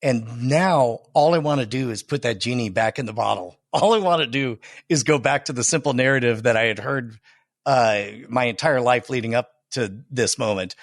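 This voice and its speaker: A man on a podcast as a guest, chatting casually about his own show and sometimes slowing into a dramatic movie-trailer delivery. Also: medium pitch, no echo, studio quality. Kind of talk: casual chat.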